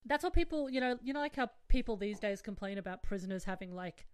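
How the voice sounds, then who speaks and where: A woman hosting a podcast in casual chat, playful and quick to laugh. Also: mid-range voice, expressive, clean tone. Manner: giggly, playful and chatty. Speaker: podcast host.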